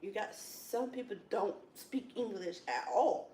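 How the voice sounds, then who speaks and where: A woman in casual chat at a Bible study, telling rambling, animated stories with lots of "it's like, wow.". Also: mid-range voice, a little slow, a little hiss or hum. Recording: echoey room, distant from mic.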